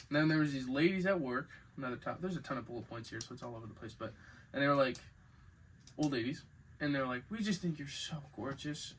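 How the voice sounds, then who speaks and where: A man's voice: mid-range voice, fairly bright tone, slight background noise, rough recording. A young man under twenty talking casually and rambling through a personal monologue, full of filler words. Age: under 20s. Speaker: vlogger.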